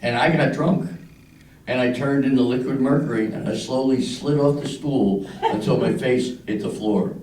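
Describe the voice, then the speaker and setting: Onstage at a club, an older Philly stand-up tells crude stories and performs the characters' voices. He talks at normal speed with a medium pitch and darkish tone, recorded roughly from a distance in a roomy space.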